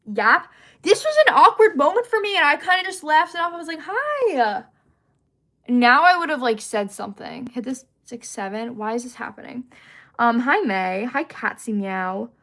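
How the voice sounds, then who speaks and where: A woman's voice: on the high side, normal speed. Chatty young woman livestreaming. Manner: animated, chatty, greets viewers mid-story. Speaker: livestream host. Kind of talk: casual storytelling livestream.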